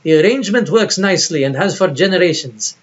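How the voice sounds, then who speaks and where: A man voicing a proud male Bedouin herder in a measured, stately accent from an old film, in a dull lo-fi recording. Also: high-pitched, lively intonation. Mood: lecturing.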